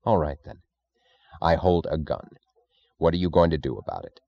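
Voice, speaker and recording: A man's voice: extremely low pitch, lively intonation, normal speed, vocal fry, no echo, muffled recording, heavily acted. A man voicing a blustering, anxious political boss in an audiobook, defensive and flustered. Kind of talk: audiobook character voice.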